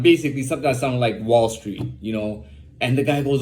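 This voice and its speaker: A man's voice: fairly high pitch, moderate pace, darkish tone. A young man talking in a casual, rambling monologue, repeating words and often saying "man.". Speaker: host.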